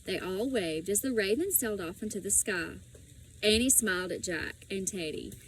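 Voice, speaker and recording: A woman reading a children's storybook aloud in a slow, expressive way. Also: medium pitch, a little hiss or hum, poor audio. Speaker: audiobook reader.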